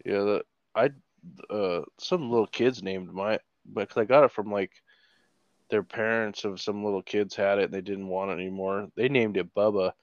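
A man's voice: on the low side, steady tone, normal speed, dry recording, dull audio. A man joking crudely and trading stories in a casual podcast chat. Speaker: podcast co-host.

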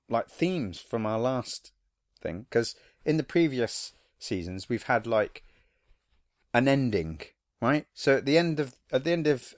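A man co-hosting a podcast, chatting casually and slipping into silly voices now and then. His pitch rises and falls in lively swings. The sound is dry and close, with no room echo. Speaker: podcast co-host. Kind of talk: casual chat.

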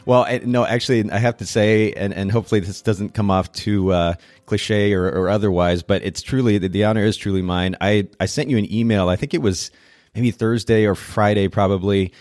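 A man's voice: on the low side, steady tone, brisk, a little mellow, no room sound, studio quality, faint music behind. A man hosting a podcast interview, talking in an effusive, casual way with frequent restarts. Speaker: podcast host.

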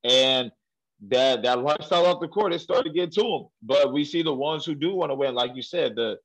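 A man co-hosting a casual sports podcast, animated and ranting, quick to laugh. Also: mid-range voice, low-quality recording. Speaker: podcast co-host.

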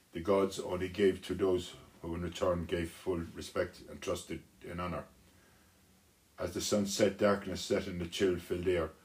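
A man telling a children's story aloud, unhurried, with small restarts. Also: low-pitched, darkish tone.

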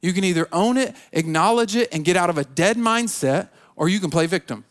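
A man's voice: high voice, animated, brisk. A man preaching a sermon as a pastor, repeating himself and restarting his phrases, acting out people's excuses. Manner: repetitive, stammering restarts, acts out quoted excuses.

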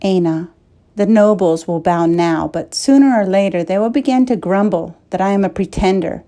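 A woman's voice: mid-range voice, moderate pace, mellow, close to an everyday voice. A woman reading the part of an earnest young orphan knight, who speaks solemnly.

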